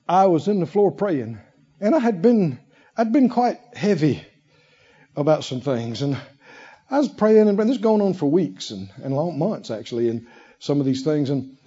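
A man preaching a sermon in an emphatic way, full of rhetorical questions and long drawn-out pauses. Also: on the high side, mellow, slightly rough, lo-fi sound. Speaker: pastor.

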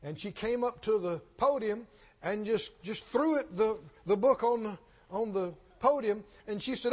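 A man's voice: sits high, measured pace. A man preaching a sermon in a church, emphatic and questioning, often repeating his lines. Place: church sanctuary. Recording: dull recording with long hall reverb.

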